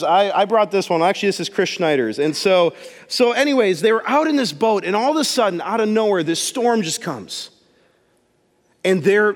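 A man's voice: high voice, in a large hall. A man preaching a casual sermon in a church, telling the story with jokes and acting out the voices. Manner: animated storytelling, acts out voices, jokes with congregation. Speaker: pastor. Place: church sanctuary.

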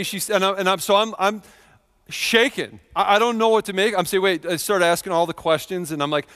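A man in his thirties delivers a church sermon in a slightly raised voice. He tells a personal story earnestly, dropping quiet and then building loud. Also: high-pitched, fairly quick, clear, resonant tone, in a large hall. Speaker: pastor.

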